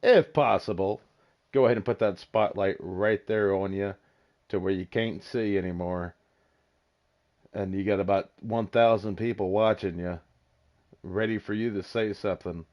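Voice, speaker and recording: A man with a low voice hosts a loose podcast chat over a dull, lo-fi line. He is excitable and teasing, and he swears freely. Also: normal speed. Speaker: podcast host. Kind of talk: casual chat.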